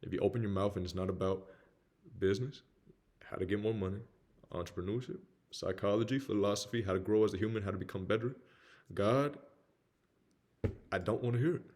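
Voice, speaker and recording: A man's voice: fairly low pitch, fairly quick, pauses often, a little mellow. A young man with a Southern US accent giving a blunt, candid motivational talk about his own life. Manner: blunt, slangy, peppered with "man". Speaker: motivational speaker.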